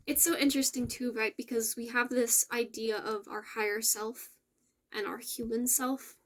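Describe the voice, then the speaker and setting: A woman hosting a casual spiritual message for her viewers, gentle and affirming, with soft laughs and self-corrections. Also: fairly high pitch, fairly even intonation, normal speed. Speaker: spiritual channel host.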